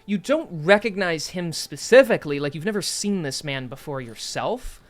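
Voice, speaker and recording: A man's voice: on the high side, animated, moderate pace. A man narrating as dungeon master in a casual tabletop session, loose and full of fillers. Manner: loose, filler-heavy narration with self-corrections.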